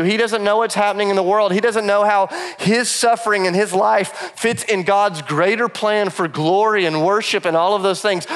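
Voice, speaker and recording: Self-deprecating preacher telling a story. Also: male voice, high-pitched, a bit bright. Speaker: pastor. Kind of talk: sermon with personal story. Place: church auditorium.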